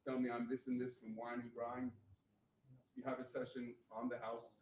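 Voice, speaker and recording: A man's voice: mid-range voice, flat delivery, moderate pace, a little mellow. A man in his sixties telling a blunt, profane, motivational personal story as a guest speaker at a meetup. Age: 60s. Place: event venue. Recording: echoey room mic from far off with faint noise.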